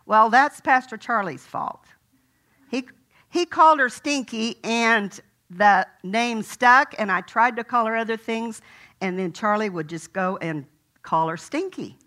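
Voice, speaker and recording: A woman's voice: on the high side, unhurried, pushed and bright. An older woman preaching a sermon in a folksy, conversational way, telling a personal story.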